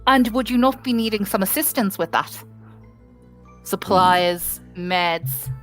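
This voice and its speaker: A woman's voice: medium pitch, slow, close to an everyday voice. A proud noblewoman presses her point with formal politeness, as a woman acts her out in a tabletop game. Her voice sits in the middle range, with faint music behind. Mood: insistent.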